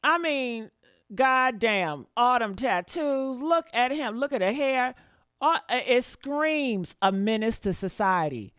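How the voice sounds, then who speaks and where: A woman's voice: on the high side, expressive, takes it slowly, a bit bright, clean tone, dry recording. Woman streamer going off at her chat, cussing, says stuff twice for emphasis, dry close sound. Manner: blunt, profane, repeats points for emphasis; talks straight to her chat, asks for likes. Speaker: livestream commentator. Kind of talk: reaction commentary to viewers.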